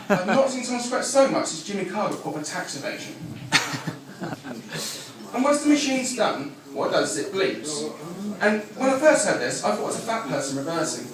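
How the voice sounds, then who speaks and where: A man doing a live stand-up routine with crude, deadpan one-liners. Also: high-pitched, fairly quick, slight background noise. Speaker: stand-up comedian. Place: comedy club stage. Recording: echoey live room from far off, audience laughter. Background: audience laughing.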